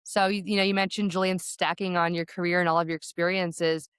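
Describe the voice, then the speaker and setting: A woman's voice: on the low side, level tone, a little fast, a bit bright, smooth, no room sound. A woman who founded a sports agency, talking eagerly as an interview guest. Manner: eager, enthusiastic. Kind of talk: conversational interview.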